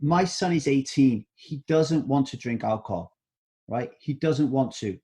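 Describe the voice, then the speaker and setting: A man's voice: mid-range voice, expressive, a little slow, mellow. A middle-aged man speaking as a guest in an interview, talking emphatically and often checking in with "right?". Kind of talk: interview conversation.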